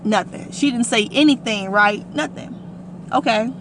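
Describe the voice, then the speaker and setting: A young adult woman telling a personal story to her vlog audience in a casual, animated and emphatic way. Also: fairly high pitch, normal speed, background noise. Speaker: vlogger.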